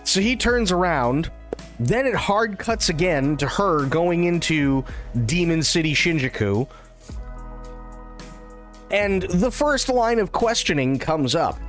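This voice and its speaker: A man streaming live, casually retelling a film in an animated, irreverent way with plenty of swearing. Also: fairly high pitch, takes it slowly, soft background music.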